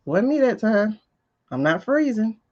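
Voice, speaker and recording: A woman's voice: mid-range voice, measured pace, highs cut off. A woman hosting a livestream who comments on a news clip in casual, exasperated talk. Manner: animated, exasperated, laughing, talks back to the screen. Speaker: livestream host reacting to a video.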